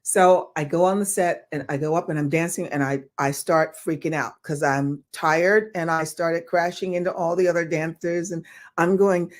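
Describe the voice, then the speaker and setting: As an interview guest, an older actress tells a story at a moderate pace in a slightly low voice. She's animated, swears freely, and acts out the people in her tale as she goes.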